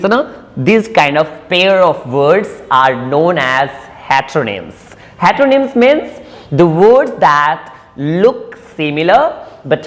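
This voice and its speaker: A woman with an Indian accent teaching English vocabulary, explaining patiently and repeating words slowly for emphasis. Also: sits low. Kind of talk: classroom lesson mixing English and Hindi. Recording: reverberant room sound.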